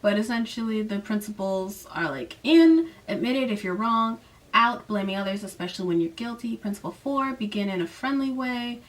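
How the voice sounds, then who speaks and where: A woman casually recapping a novel in a chatty, sarcastic way, acting out the characters' lines with jumps in pitch. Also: moderate pace, distant mic. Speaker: book recap vlogger.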